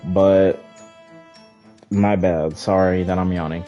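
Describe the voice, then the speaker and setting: A man's voice: fairly low pitch, a little slow, mellow, muffled recording, soft background music. A young man casually commenting on a detective game, rambling with lots of filler words. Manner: rambling, heavy use of "like". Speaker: let's play gamer.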